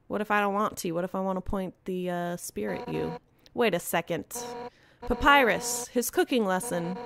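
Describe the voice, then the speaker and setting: A woman's voice: medium pitch, normal speed, creaky, fairly bright tone, a little hiss or hum. A woman streamer giving casual gameplay commentary, with nervous, wry asides and swearing.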